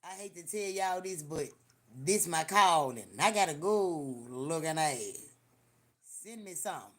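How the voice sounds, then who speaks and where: A woman hosting a livestream, telling profane, animated stories in casual chat with lots of repetition. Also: low voice, a little slow, a little hiss or hum. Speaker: livestream host. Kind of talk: casual storytelling to a live audience.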